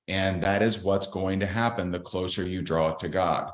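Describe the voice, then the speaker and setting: A man's voice: deep voice, steady tone, normal speed. A man guest on a podcast, candidly telling a faith story in an earnest, blunt way. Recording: roomy echo.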